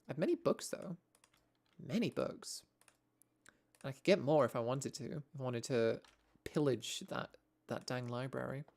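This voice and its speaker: Casually chatting with viewers while gaming, a young adult Welsh streamer speaks in a medium-pitched, darkish voice. The conversation wanders, with lots of swearing and frequent self-interrupting asides.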